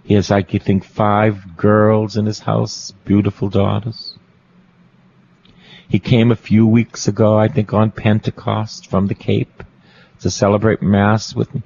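A man's voice: on the low side, little pitch movement, measured pace, vocal fry, a little mellow, muffled recording. A Catholic priest, a man, preaching a storytelling sermon, repeating phrases for emphasis and asking his listeners questions.

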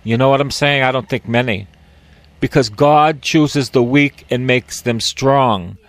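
A man's voice: medium pitch, measured pace, no room sound. An older man, a priest, giving a folksy, emphatic Bible teaching and repeating key phrases.

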